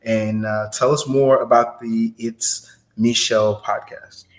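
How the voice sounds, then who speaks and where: A man's voice: mid-range voice, little pitch movement, slow pace. A man hosting a podcast interview, earnest and a bit rambling, with many fillers as he asks questions. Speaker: podcast host. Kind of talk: casual interview. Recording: roomy echo.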